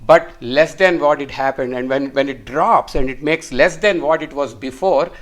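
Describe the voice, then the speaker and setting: A man's voice: medium pitch, moderate pace, a bit bright. A middle-aged man, a physician, explaining a chart step by step as he draws it, repeating words for emphasis. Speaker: physician teaching. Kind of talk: whiteboard medical lecture.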